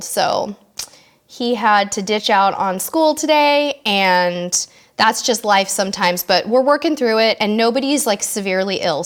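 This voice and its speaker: A woman hosting a casual live-stream Q&A, reading out viewers' questions and answering them in a friendly, chatty way. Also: medium pitch. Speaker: host of a live cruise Q&A.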